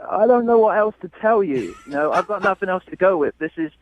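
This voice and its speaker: A man's voice: sits high, lively intonation, quick pace, slight background noise. A man with a London accent calling into a radio show, defensive and exasperated, laughing it off, heard over a muffled phone line. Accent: British, London. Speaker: caller. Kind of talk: radio call-in chat.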